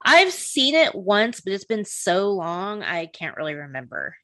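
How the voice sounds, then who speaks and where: A woman chatting on a podcast, her pitch swinging widely as she talks. She is blunt and quick to laugh, and the sound is dry. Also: dry recording. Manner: animated, laughing often, blunt. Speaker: podcast co-host. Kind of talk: casual chat.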